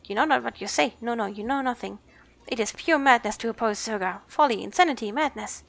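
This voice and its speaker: A timid male kobold from a fantasy game frets and echoes himself in anxious lists, voiced by a woman. The voice sits high and lifted, with faint music behind. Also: brisk, vocal fry, a bit bright. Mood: fretful. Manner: anxious, echoes his own words in lists. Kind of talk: reading game dialogue aloud.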